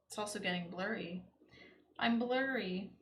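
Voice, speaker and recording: A woman's voice: medium pitch, measured pace, fairly bright tone, a little hiss or hum. A young woman streaming while she paints, chatting loosely with lots of "like" and "you know.". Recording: echoey room with faint ambience.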